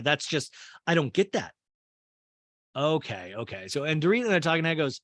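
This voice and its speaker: Campy man recapping with wild pitch swings. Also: big pitch swings, a little fast, long pauses, fairly bright tone, no room sound. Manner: campy, acts out cast members in high mocking voices; swears freely, laughs at own jokes. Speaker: podcast host. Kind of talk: comedic reality TV recap.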